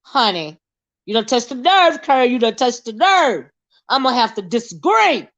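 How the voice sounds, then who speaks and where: On a livestream, a female host chats casually with viewers in a higher voice at a moderate pace. Her banter is animated, teasing and Southern in style, and the stream audio is slightly dull and lo-fi.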